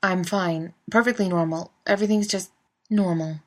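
A woman's voice: on the low side, fairly even intonation, normal speed, close to an everyday voice. A woman voicing a tense, flustered young man who answers in clipped, defensive bursts.

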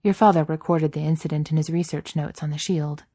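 A woman voicing a polite, formal male AI house assistant that reports in a dutiful way, in a low voice. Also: steady tone, fairly quick, warm tone, no room sound, clean studio sound.

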